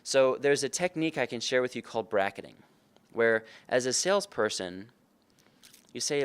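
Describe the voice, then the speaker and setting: A man's voice: mid-range voice, expressive, fairly quick, clean tone. A man giving a conversational conference talk, earnest and often putting questions to the audience. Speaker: conference speaker. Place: conference room.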